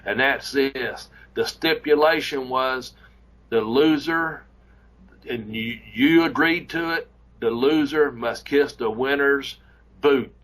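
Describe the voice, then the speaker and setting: A man's voice: mid-range voice, takes it slowly, a bit bright, low-quality recording. A man hosting a talk show, telling a long story in a casual, profane, rambling way. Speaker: podcast host and former wrestler.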